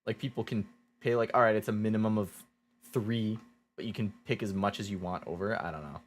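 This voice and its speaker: A man's voice: lowish voice, fairly even intonation, brisk, a little hiss or hum. A male streamer chatting casually while playing a game, rambling with lots of "like"s.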